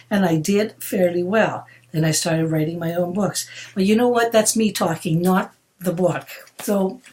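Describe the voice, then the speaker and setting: A woman's voice: on the low side, darkish tone. A middle-aged woman, an author, telling her life story to the viewer in a conversational way and often turning to address them directly. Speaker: author and vlogger. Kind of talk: personal storytelling to camera.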